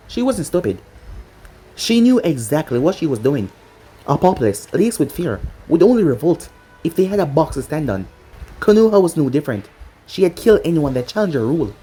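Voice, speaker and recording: A narrator reading a fan fiction story in a steady, dramatic manner. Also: medium pitch, slightly rough. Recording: faint music behind.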